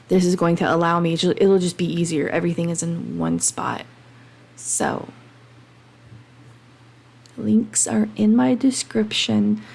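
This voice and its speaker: A woman hosting her own podcast, talking passionately and emphatically, getting heated and then calming down. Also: mid-range voice, vocal fry. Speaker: podcast host. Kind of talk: solo podcast monologue. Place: home, late at night.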